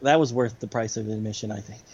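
A man co-hosting a podcast, chatting casually and enthusiastically, quick to agree. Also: fairly low pitch, steady tone, darkish tone, highs cut off. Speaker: podcast co-host. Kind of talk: casual chat.

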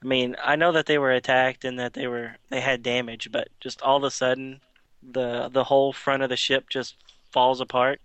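Bright-voiced man recapping a comic. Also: mid-range voice, little pitch movement, normal speed, clean tone, no echo. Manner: rambling, with many fillers and restarts. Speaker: podcast co-host. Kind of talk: casual chat recapping a comic.

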